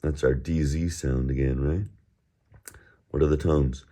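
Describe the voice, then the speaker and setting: A man teaching Mandarin tones in an easygoing way, drilling words and repeating them, with relaxed chatty asides. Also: a bass voice, slow pace, pauses often. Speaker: Chinese teacher. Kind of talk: recorded language lesson.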